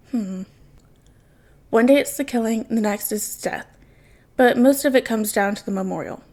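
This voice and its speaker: A woman reading a fan fiction story aloud in soft, unhurried narration. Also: fairly high pitch. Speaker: podfic reader.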